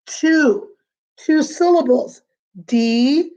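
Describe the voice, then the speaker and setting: A woman teaching a remote lesson to young children, patient and sing-song, repeating words slowly. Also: high-pitched, a little mellow, low-quality recording. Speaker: kindergarten teacher.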